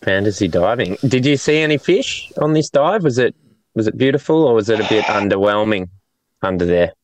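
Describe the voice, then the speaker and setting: A man co-hosting a casual chat, teasing and chiming in with quick interjections. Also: on the low side, lively intonation, no room sound.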